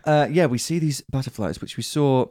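Mellow-voiced male podcast host. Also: mid-range voice, a little fast, no room sound. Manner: lively, acts out quoted lines in little voices. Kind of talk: casual chat.

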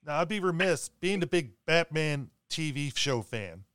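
A man conducting a casual interview, speaking in a relaxed, reflective way that trails off and restarts. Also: on the high side, a little slow, smooth, dry recording, clean studio sound.

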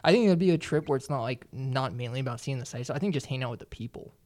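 American dude talking real fast, laid back chat, mid pitch voice. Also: male voice, animated, a little mellow. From United States. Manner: quick, opinionated, laughs easily. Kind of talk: casual chat.

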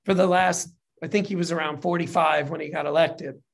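A casual, chatty storyteller gives an animated, profane retelling of a history story, swearing freely and pouring energy into every beat. His middle-register voice is fairly quick and creaky, and at times the telling turns openly emotional.

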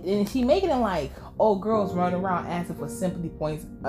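A young woman recapping a show in casual reaction commentary, with heated, profane, rambling rants. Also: mid-range voice.

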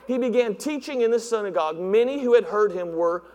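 High-voiced pastor preaching. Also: male voice, brisk. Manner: animated, acts out voices, laughs at own jokes. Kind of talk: sermon. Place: church sanctuary. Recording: long hall reverb.

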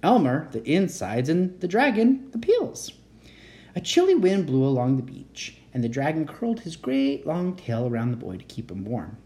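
A reader telling a children's chapter book aloud in an expressive, animated way. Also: mid-range voice, normal speed, few pauses. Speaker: storybook reader.

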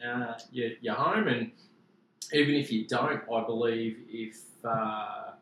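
Laid-back Australian podcast host. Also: male voice, mid-range voice, steady tone, slow pace, fairly bright tone. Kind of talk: casual banter. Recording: echoey room with faint background noise.

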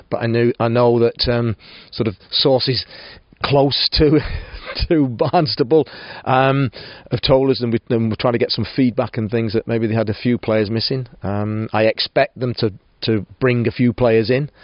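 A man's voice: mid-range voice, dry recording, lo-fi sound. A man managing a football club, giving a post-match interview, full of restarts and fillers. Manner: hesitant, many restarts and fillers.

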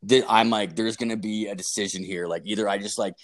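A man's voice: fairly low pitch, fairly even intonation, quick pace. A young man telling a long story in casual chat, rambling and swearing, full of "like" and "dude". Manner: rambling, profane, lots of "like" and "dude".

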